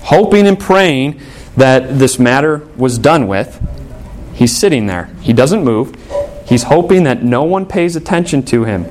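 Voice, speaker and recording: A man's voice: medium pitch, expressive, measured pace, a little mellow, a little hiss or hum. A male pastor giving a sermon in a conversational, storytelling way, acting out the voices of the people he quotes.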